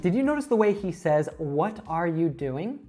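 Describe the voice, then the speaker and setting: Low-voiced woman teaching English. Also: big pitch swings, normal speed, noisy background. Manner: clear, explanatory, addresses viewers directly. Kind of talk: scripted online lesson.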